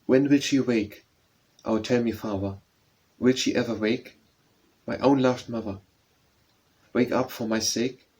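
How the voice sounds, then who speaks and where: A sorrowful little boy begs his lost mother to come back, in a raised and plaintive storybook voice, as a man narrator puts him on. The delivery is slow and deliberate, and the voice carries a husky grain. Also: mid-range voice, fairly even intonation, a little mellow. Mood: pleading. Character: little grieving orphan boy, pleading.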